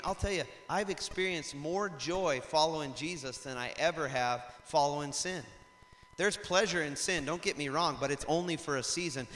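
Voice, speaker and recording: Guy preaching, bright slightly high voice, big echoey church hall, tells stories and gets loud. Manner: animated storytelling, acts out shouts and laughs; rising to loud emphatic preaching. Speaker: pastor. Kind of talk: sermon. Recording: long hall reverb.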